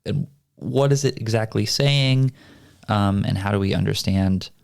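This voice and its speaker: Low gravelly man leading Bible chat. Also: no echo, studio quality. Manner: thoughtful, halting with fillers. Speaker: podcast host. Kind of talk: casual Bible study chat.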